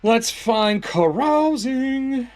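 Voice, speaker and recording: A man's voice: very high-pitched, animated, very slow, darkish tone, soft background music. A man narrating a solo tabletop game casually, thinking aloud as he rolls dice.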